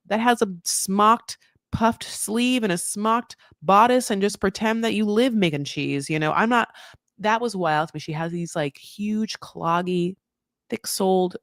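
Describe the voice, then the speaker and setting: A woman's voice: medium pitch, no echo, studio quality. A woman hosting a casual live TV recap, chatty, rambling and sarcastic. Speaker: host of a TV recap show.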